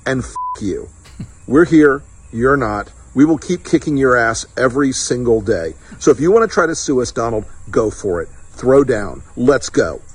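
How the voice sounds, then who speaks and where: Husky-voiced man, profane political taunt, punchy repeated lines. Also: mid-range voice, lively intonation, moderate pace, hardly any pauses, no room sound, rough recording. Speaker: political strategist in a played clip. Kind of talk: defiant video message.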